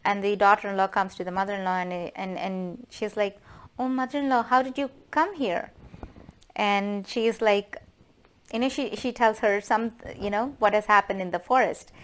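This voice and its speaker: A woman retelling a folk tale casually, her pitch sitting in a middle range. She talks in a loose, chatty way, leaning on fillers as she goes. It sounds like an informal retelling rather than a polished reading. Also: fairly even intonation, normal speed, smooth. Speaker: storyteller.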